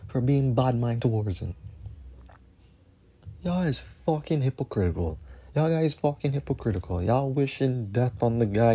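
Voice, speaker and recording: A man's voice: mid-range voice, warm tone. A man hosting a podcast, ranting solo in an angry, profane way and repeating phrases for emphasis. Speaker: podcast host. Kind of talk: heated solo rant.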